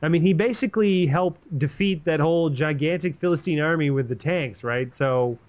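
Guy hosting, retelling a story in a rambling, sweary way, kinda high voice, dull lo-fi sound. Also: moderate pace. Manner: profane, animated, rambling. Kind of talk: casual comedic retelling.

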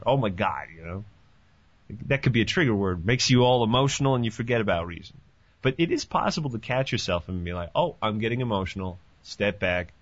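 A man from Canada hosts a podcast in loose, profane, jokey chat, swinging between excited bursts and low asides. His voice comes through dull and lo-fi with a dry, close sound and no room around it. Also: no room sound. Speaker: podcast host.

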